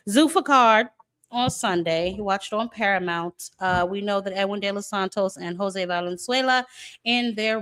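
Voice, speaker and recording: A woman's voice: mid-range voice, fairly bright tone. Sassy female boxing stream host, chatty and playful with viewers. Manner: sassy, calls viewers baby and y'all. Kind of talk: casual live-stream chat.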